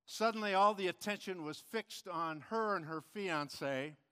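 A man's voice: high voice, unhurried, sharp tone, clear, resonant tone, in a large hall. Earnest male pastor preaching. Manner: earnest storytelling with occasional restarts. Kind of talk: sermon. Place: church.

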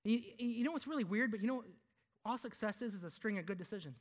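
Guy preaching a sermon, punchy, repeats stuff, drags out the big words for emphasis. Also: high-pitched. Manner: emphatic, slows down to stress key words; rhetorical questions and repetition. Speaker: pastor.

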